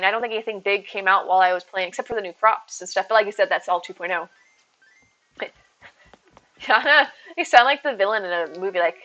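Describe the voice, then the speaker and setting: A woman's voice: mid-range voice, pushed and bright. A woman live streamer chatting casually and rambling as she answers her chat, with faint music behind her. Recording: slightly dull stream audio with faint music.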